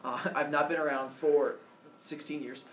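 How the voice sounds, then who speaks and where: A man's voice: a little high, fairly even intonation, normal speed, fairly bright tone, a little hiss or hum, lightly acted. A man voicing an absent father who is a sun god, talking in a casual, apologetic way. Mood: sheepish. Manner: casual, apologetic dad talk. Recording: roomy room, distant mic.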